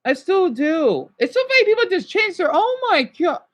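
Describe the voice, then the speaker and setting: A man's voice: very high voice, big pitch swings, moderate pace, a bit bright. A man ranting at his livestream chat, agitated and exasperated, scolding and sighing with tiredness.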